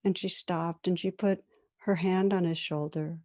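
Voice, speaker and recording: A woman meditation teacher giving a dharma talk, telling a story in a calm, measured, gentle way. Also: lowish voice.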